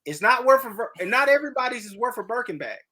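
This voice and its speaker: A man's voice: extremely high pitch, lively intonation, quick pace, sharp tone. A man who is a guest on a casual podcast chat, making his points in an emphatic, lecturing, profane way.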